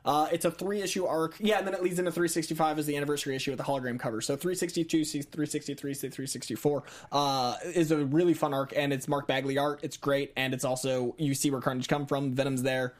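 Fast-talking excitable man, slightly high. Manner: quick, excitable comic-book fan talk. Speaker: podcast co-host. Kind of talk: casual podcast chat.

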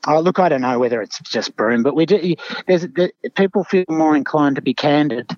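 Hesitant podcast host with a dull, dry sound. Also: male voice, fairly high pitch, fairly quick, a little mellow, dry recording. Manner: hesitant, many restarts and fillers. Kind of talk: casual podcast talk.

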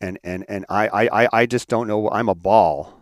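A man telling a painful personal story in a motivational talk, halting and repeating words as he speaks heartfelt. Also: lowish voice, dry recording, studio quality.

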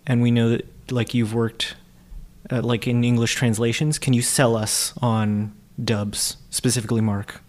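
A man's voice: mid-range voice, flat delivery, a little slow, darkish tone. A man co-hosts a casual podcast and asks the guest questions. He slips in dry, joking asides. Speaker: podcast co-host.

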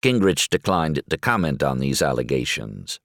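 A man narrating a magazine article in a measured, articulate reading voice. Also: very deep voice, big pitch swings, creaky, a bit bright, no room sound, studio quality.

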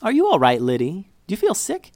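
A man's voice: high voice, wildly swooping pitch, fairly quick, a little mellow, no echo, pitched above the performer's own voice, exaggerated voice. Man putting on a kind, soothing party mom. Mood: concerned. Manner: soothing and reassuring. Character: kind, motherly woman hosting a party.

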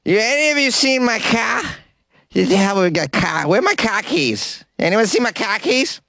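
A man's voice: big pitch swings, moderate pace, vocal fry, sharp tone, dry recording, clean studio sound, exaggerated voice. A man voicing a drunk man with a heavy Boston accent who slurs while hunting for his car. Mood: drunk, confused. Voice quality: slurred, higher and thinner than his own voice. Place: closet.

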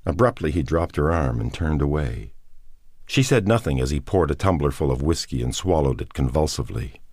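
A man narrating an audiobook in a measured, expressive reading. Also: very deep voice, no room sound, studio quality. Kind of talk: scripted narration.

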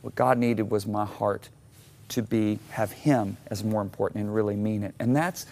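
Here the guest author, a middle-aged man from Michigan, has a gravelly, lowish voice at a moderate pace. He recounts something from his own life on an interview show, lively and acting out how he reacted.

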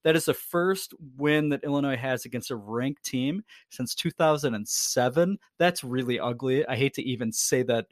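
A man in his thirties rambles through casual sports talk on a podcast, swearing freely and poking fun at himself. His voice sits at an ordinary middle pitch. The sound is close and dry, with no room in it. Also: moderate pace, hardly any pauses, dry recording. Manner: rambling, profane, self-deprecating jokes. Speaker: podcast co-host.

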